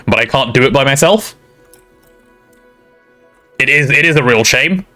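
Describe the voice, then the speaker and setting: A man's voice: medium pitch, animated, unhurried, pushed and bright, faint music behind. A man, streaming a game and chatting casually with a friend. He teases and mutters to himself as he plays. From Britain. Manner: playful, teasing, mutters while playing. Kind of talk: casual gaming stream chat.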